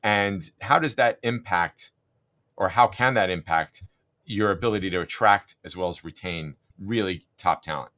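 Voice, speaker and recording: A man hosting a podcast interview, asking long, measured questions. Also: sits low, a bit bright. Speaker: podcast host.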